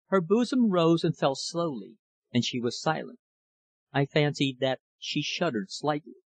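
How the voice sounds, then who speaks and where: A man reading a novel aloud as an audiobook narrator, measured and steady. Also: on the high side, no room sound, rough recording. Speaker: audiobook reader. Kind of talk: scripted narration.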